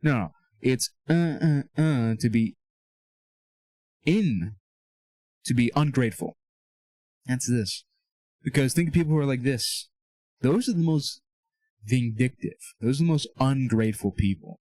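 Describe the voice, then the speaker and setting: Speaking at a measured pace with frequent pauses, this young man has a medium-pitched, lively voice with a darkish tone and no echo. He's a Christian self-improvement speaker giving a casual, earnest talk in a small whiteboard room, coaching his audience and often asking "okay?" or "all right?"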